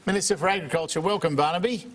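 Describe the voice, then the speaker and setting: High-voiced Australian male host. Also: rapid-fire, fairly bright tone. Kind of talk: broadcast interview hosting.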